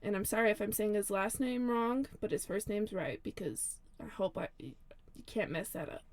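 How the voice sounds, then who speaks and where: A woman's voice: mid-range voice, lively intonation, moderate pace, dry recording. A young woman co-hosting a podcast, telling a fairy tale in a chatty, giggly way with lots of ums. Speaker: podcast co-host. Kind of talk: casual storytelling chat.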